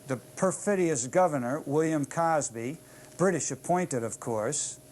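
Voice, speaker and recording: An older man hosting a public access show delivers a ranting, combative and sarcastic monologue packed with rhetorical asides. His voice is a little high with a darkish tone. The old public access tape carries slight hiss or hum.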